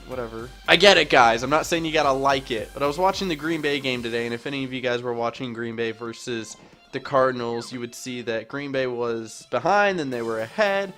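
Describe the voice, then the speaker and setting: A man's voice: medium pitch, fairly quick. A young man chatting casually over his gameplay as a YouTuber, rambling and joking at his own expense. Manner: rambling, self-mocking, chatty. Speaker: gaming YouTuber. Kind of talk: casual let's-play commentary. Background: soft background music.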